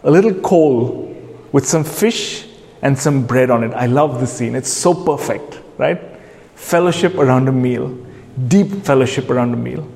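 A man's voice: medium pitch, a little slow, creaky, darkish tone. A man preaching a sermon, earnestly putting questions straight to his listeners. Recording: long hall reverb.

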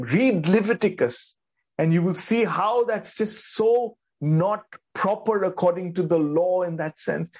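A man's voice: fairly high pitch, normal speed, darkish tone. A man preaching a sermon, earnest and emphatic, asking the listeners questions and repeating his key points. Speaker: pastor.

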